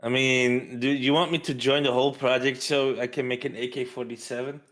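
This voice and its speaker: A man's voice: medium pitch, fairly even intonation, a little fast, fairly bright tone. A man chatting casually with a streamer friend, amused and skeptical, often laughing. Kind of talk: casual chat on a livestream.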